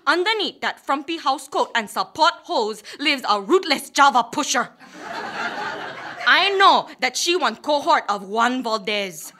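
A woman's voice: high voice, sharp tone, slight background noise. A young woman with a Hawaiian Pidgin accent doing a mock-dramatic stand-up comedy monologue, switching between pidgin and prim standard speech.

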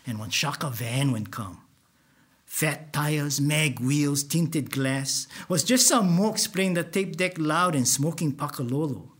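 A man's voice: on the high side, slow pace, a bit bright. A man telling a first-person story in Hawaiian Pidgin with a plain, earnest delivery.

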